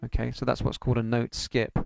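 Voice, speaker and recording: A man's voice: medium pitch, monotone, fairly quick, gravelly, darkish tone. A man teaching an online piano lesson, patiently counting beats aloud and singing rhythm syllables.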